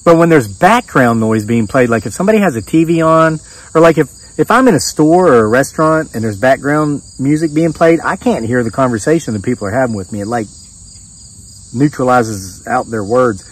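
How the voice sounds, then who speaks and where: A man's voice: medium pitch, a little fast, far from the mic, poor audio. Middle-aged man rambling through a story. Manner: rambling, animated retelling with restarts and quoted dialogue. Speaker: homesteading vlogger. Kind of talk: casual storytelling monologue. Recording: voice set back from the mic.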